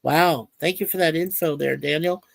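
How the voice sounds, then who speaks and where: This livestream co-host's voice sits low and has a creaky quality, moving at a moderate pace with no room sound. She chats casually, reads viewers' comments aloud and uses frequent filler words.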